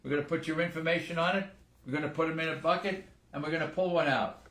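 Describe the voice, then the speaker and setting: A man's voice: on the high side, quick pace, a bit bright, roomy sound. An older man, a retired firefighter, co-hosting a live stream and telling stories earnestly. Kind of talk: casual live-stream chat.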